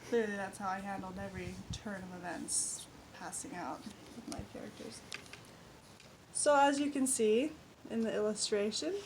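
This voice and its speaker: A woman author chatting casually and reading aloud her own childhood story, relaxed with small fillers. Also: on the high side, a little hiss or hum, poor audio.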